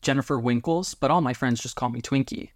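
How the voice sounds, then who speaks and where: A man's voice: mid-range voice, a little fast, no echo, studio quality, lightly acted. Man reading as a defiant young runaway woman. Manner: defiant, flippant.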